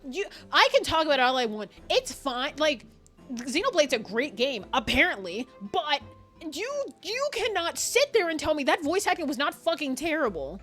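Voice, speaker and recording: A woman's voice: sits high, big pitch swings, normal speed, a bit bright, soft background music. A young woman streamer chatting casually during a game, laughing often, teasing friends and swearing freely. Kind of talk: casual gaming stream chat.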